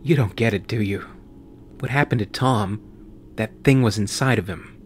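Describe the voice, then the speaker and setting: A man's voice: lowish voice, normal speed, slight background noise, natural voice. A man voicing a bitter, sarcastic sci-fi pilot. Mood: desperate bitter. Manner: sarcastic, raising his voice. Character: cynical, short-tempered male pilot, frightened.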